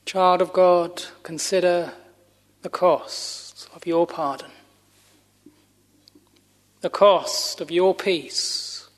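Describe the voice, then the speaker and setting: A man preaching a sermon in a slow, solemn, measured way with long pauses, sometimes dropping to a hush. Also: high-pitched, steady tone.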